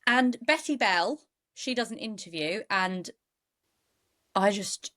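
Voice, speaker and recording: A woman co-hosts a true crime podcast, recounting events in animated, indignant chat. Her voice sits at an ordinary middle pitch. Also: takes it slowly. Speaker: podcast co-host.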